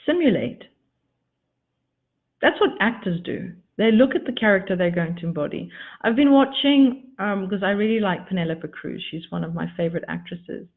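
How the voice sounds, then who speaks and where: A woman coach teaches in an expressive way, leaning hard on repeated words and calling her listeners darlings. Her voice sits at an ordinary middle pitch. The audio is thin and tinny, like a phone line. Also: normal speed. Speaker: spiritual coach. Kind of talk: motivational teaching talk.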